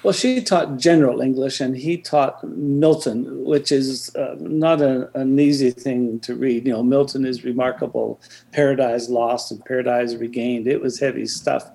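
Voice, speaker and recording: A man's voice: mid-range voice, fairly even intonation, moderate pace, creaky, warm tone. An older man as an interview guest, reflecting on his past in a hesitant storytelling way, with many restarts.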